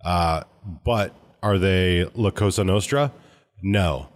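A man's voice: deep voice, takes it slowly. A man co-hosting a casual podcast, reading a listener's letter aloud and chatting about a tabletop game book. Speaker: podcast co-host.

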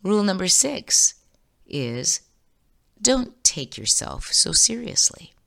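Brief: soft-spoken, unruffled prime minister, told by a woman narrator, low and hushed. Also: sing-song, slow pace, vocal fry, full character voice. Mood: gently calm. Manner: gentle, hushed. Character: calm wise male prime minister.

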